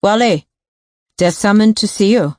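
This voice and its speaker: A woman's voice: sits low, a little slow, darkish tone, no room sound, studio quality. A woman narrator voicing a guarded, needling female barkeep with a German accent.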